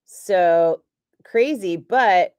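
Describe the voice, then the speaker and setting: A woman's voice: on the low side, very slow, clean tone, dry recording. Chatty middle-aged radio host woman. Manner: chatty, animated, laughs often. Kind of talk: casual storytelling chat.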